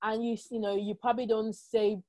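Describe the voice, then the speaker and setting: A woman's voice: fairly high pitch, flat delivery, a little fast, mellow, no room sound. A woman in her thirties with a French-influenced accent, a podcast guest chatting reflectively, with many fillers and restarts. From Ivory Coast. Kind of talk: casual conversation.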